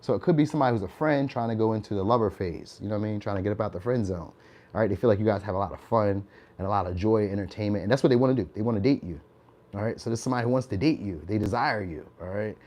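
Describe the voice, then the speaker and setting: A man's voice: fairly low pitch, rapid-fire, a little mellow. A young man giving a casual, chatty tarot reading. He laughs often and keeps tagging his lines with "all right?". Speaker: tarot reader.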